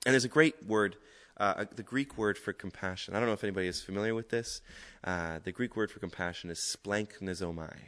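A man giving a conversational, animated sermon as a preacher. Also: lowish voice, brisk. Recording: echoey hall.

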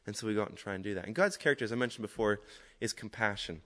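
A man giving a conversational, animated sermon as a preacher. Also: on the low side, racing. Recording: echoey hall.

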